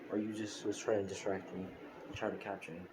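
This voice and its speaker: A man's voice: on the low side, little pitch movement, fast, noisy background, close to an everyday voice. A man voicing a confused, troubled young hero. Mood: lost, hesitant.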